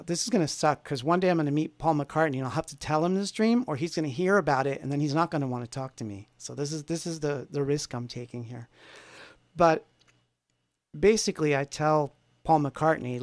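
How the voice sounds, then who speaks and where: A man's voice: a little high, a little mellow, no room sound. A man hosting a livestream from his home music studio, telling a rambling story in a casual, self-deprecating way with many fillers.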